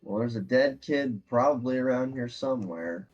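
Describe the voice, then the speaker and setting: Brief: male tabletop player, lively pitch, dull lo-fi mic. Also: moderate pace. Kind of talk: casual tabletop play.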